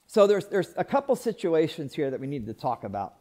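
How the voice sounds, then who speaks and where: A male pastor preaching a sermon in an emphatic, repetitive way, with sudden swings from loud to soft. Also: fairly high pitch, big pitch swings, a little fast.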